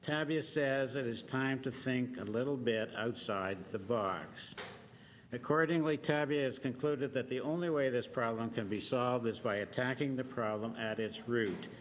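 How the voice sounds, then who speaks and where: A man of middling pitch delivers a prepared statement to a council committee. He speaks in a measured, deliberate way and enumerates his points in order. His voice carries the long reverb of a large chamber, with faint hiss underneath. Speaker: business association deputant. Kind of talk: formal prepared deputation.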